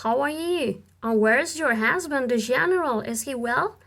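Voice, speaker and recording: Brief: woman doing warm-hearted king, hearty praise, slow. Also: high voice, expressive, gravelly, pitched above the performer's own voice, exaggerated voice. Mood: genial. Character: genial grateful old king.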